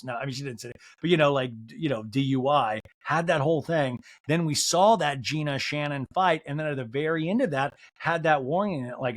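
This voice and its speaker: A man hosting a solo podcast recap, talking in a casual, animated way with a fairly high voice. He swears freely and slips into quick impressions of the people he discusses. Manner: chatty, animated, swears, mimics people in quotes. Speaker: podcast host.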